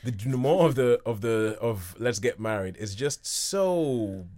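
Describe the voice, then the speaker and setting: A married man co-hosting a casual film chat, halting and repeating words as he goes. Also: medium pitch, lively intonation, darkish tone. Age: adult, married. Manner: halting, repeats words, laughs, imitates characters. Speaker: film podcast co-host. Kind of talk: casual chat about films.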